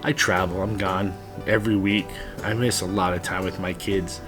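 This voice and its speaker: Earnest deep-voiced dad in his thirties. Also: fairly even intonation, normal speed, music in the background. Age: 30s. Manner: earnest, emotional, with blunt swearing. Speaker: father vlogger. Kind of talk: heartfelt personal monologue.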